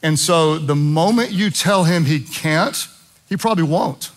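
A man's voice: a little high, measured pace. A middle-aged man preaching a sermon as pastor, emphatic and impassioned, with jokey asides.

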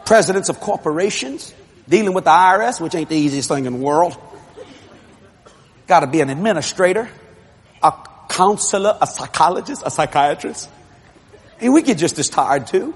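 A man, a television evangelist, telling stories in a sermon, often shouting and laughing as he goes. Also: high voice, husky. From Louisiana, USA. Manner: animated and shouting, laughing through his stories. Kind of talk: storytelling sermon.

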